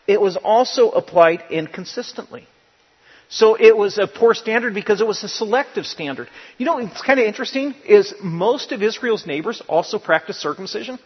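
A man preaching a sermon as pastor, emphatic and often rising to loud, animated bursts. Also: high voice, slightly rough. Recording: dull lo-fi sound with long church reverb.

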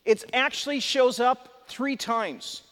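A man's voice: extremely high pitch, slow, fairly bright tone. A man preaching a sermon to a live congregation, conversational and emphatic, with chatty asides. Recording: long hall reverb.

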